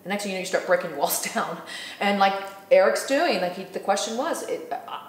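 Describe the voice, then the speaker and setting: A woman hosting a casual spiritual talk, animated and laughing often as she acts out what others said. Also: mid-range voice, brisk, reverberant. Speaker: host.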